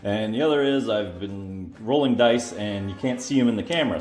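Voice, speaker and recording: Low-voiced man narrating a wargame. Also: noisy background. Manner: thinking aloud, counting up modifiers with many "uh"s. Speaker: host of a board wargame playthrough. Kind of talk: solo tabletop game commentary. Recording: echoey room, faint music.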